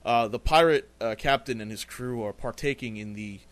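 Halting male game master. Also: medium pitch. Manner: halting, with many uhs. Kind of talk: casual tabletop narration.

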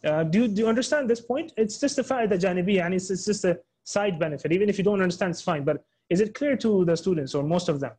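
A man teaching an Islamic studies lesson in English, explaining step by step with many repeats and restarts, and reading quotations quickly. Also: high voice, a little mellow, husky. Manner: reads Arabic quotations quickly, then translates into English. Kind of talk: online class lecture.

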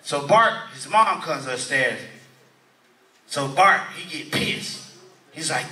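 A male stand-up comedian doing loud, profane crowd work in a church hall venue. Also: a little high, animated, measured pace, pauses often. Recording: echoey hall, mic from far.

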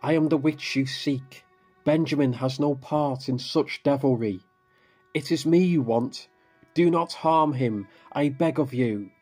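A man's voice: mid-range voice, measured pace, darkish tone, soft background music, voice pushed up, close to an everyday voice. A man voicing a young woman accused of witchcraft, begging tearfully for her husband's life.

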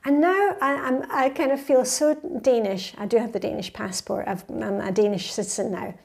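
Woman, fifties, vlogger answering viewer comments, slightly high and mellow voice, chatty and upbeat. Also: moderate pace, vocal fry. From Scotland. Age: 50s. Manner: chatty and enthusiastic, reads viewer comments aloud. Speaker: lifestyle vlogger.

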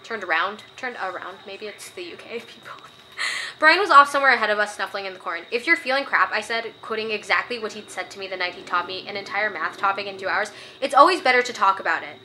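Bright-voiced young woman reviewing books. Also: medium pitch, animated, fast, a little hiss or hum. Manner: passionate and opinionated, gets worked up; reads quoted passages aloud. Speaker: book reviewer. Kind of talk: casual book review vlog.

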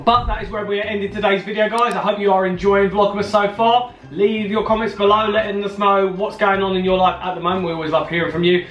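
A man's voice: high-pitched, level tone, quick pace, hardly any pauses, fairly bright tone, muffled recording. A man hosting a family vlog, chatting casually at a mukbang Q&A, joking, laughing easily and wrapping up the show. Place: home room decorated for Christmas. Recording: roomy, mic at a distance.

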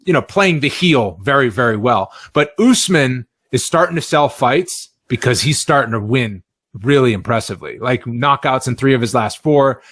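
A sports commentator co-hosting a podcast, chatting in a relaxed way with lots of fillers. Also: male voice, mid-range voice, normal speed, no room sound. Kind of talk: casual podcast chat.

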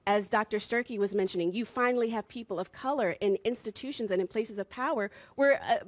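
A woman's voice: mid-range voice, a little fast, no room sound. A woman speaking as a panel guest on a TV discussion, making impassioned, articulate arguments point by point. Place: TV studio.

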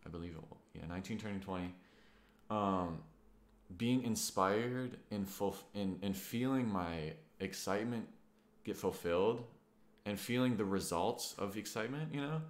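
A man's voice: fairly low pitch, moderate pace. A man in his twenties telling a personal story in a meandering, earnest way, full of fillers and casual swearing. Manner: earnest and reflective. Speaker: vlogger. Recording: roomy echo.

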